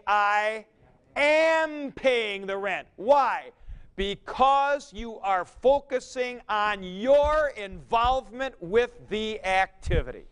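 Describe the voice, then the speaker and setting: Folksy, emphatic high-voiced male teacher. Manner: folksy, emphatic, thinks aloud with examples. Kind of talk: classroom grammar lecture.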